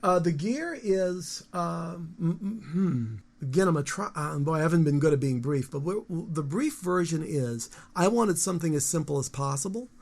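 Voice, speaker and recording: A man in his fifties with a gravelly, fry-edged voice, pitched a little higher than most men. He rambles through animated stories in a relaxed interview, often restarting his sentences. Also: normal speed, few pauses. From United States. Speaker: guest musician. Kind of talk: casual interview talk.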